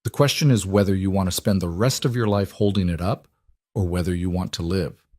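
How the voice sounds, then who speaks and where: A man voicing a gentle, patient single father who speaks in a soft, reassuring way. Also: deep voice, brisk, dry recording, clean studio sound. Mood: calm. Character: calm gentle single dad, steady and patient.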